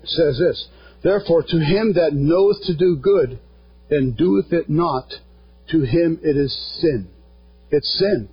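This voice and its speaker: A pastor preaching a sermon, earnest and plain-spoken, quoting scripture along the way. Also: male voice, fairly high pitch, husky. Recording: dull lo-fi sound.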